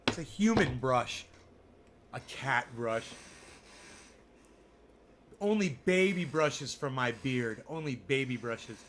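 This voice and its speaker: A man's voice: mid-range voice, lively intonation, slow pace, pauses often, a bit bright, slight background noise. A man casually commenting live, rambling and swearing as he talks to his viewers. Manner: rambling, profane, talking to chat. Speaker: crypto livestreamer.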